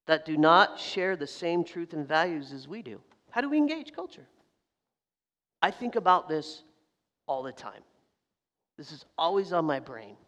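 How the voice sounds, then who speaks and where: A man preaching a sermon as a pastor, telling a story in a lively way and acting out the voices of people in it. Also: a little high. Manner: animated storytelling, acts out quoted voices, laughs. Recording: long hall reverb.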